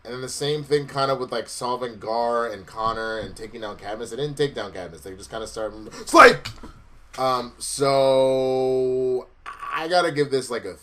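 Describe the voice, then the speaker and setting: Male co-host, mid pitch, relaxed and chatty, salty language. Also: normal speed, slight background noise. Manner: laid-back, profane, conversational. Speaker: co-host reviewing a TV episode. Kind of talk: casual podcast chat.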